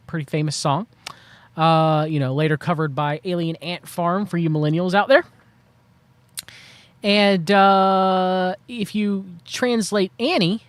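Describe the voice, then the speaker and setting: Host: man with a high voice, wry rambling commentary to a stream chat, dry close sound. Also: no echo. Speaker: livestream host.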